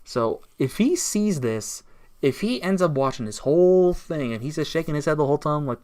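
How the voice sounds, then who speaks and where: A man's voice: fairly high pitch, lively intonation, normal speed, a little mellow. A man ranting in a casual vlog, aggrieved and sarcastic, taunting his target. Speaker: YouTuber.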